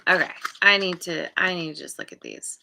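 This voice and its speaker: A woman's voice: fairly low pitch, fairly quick, vocal fry, bright, forceful tone. A woman giving a live tarot reading and thinking aloud, meandering and often restarting as she searches for words. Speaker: tarot card reader.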